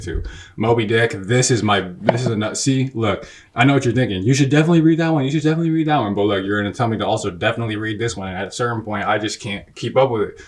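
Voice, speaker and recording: A young man with a slightly low voice gives a relaxed bookshelf tour. His talk is slangy and profane, and he rambles, cutting himself off and restarting. The delivery is offhand and conversational. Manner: rambling, self-interrupting. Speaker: book reviewer host. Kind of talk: casual bookshelf tour chat.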